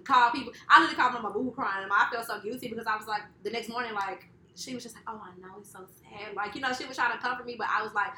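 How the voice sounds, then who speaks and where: Brief: quick, bright-voiced woman co-host, relaxed colloquial storytelling, faint hiss. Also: a little high. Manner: fast, expressive, colloquial storytelling. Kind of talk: casual chat. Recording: echoey room with faint noise.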